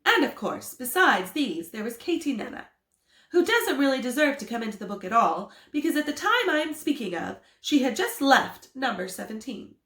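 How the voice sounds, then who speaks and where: A woman reading a storybook aloud to children as a theatre school storyteller, in an expressive, animated way. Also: high voice, normal speed. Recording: roomy echo.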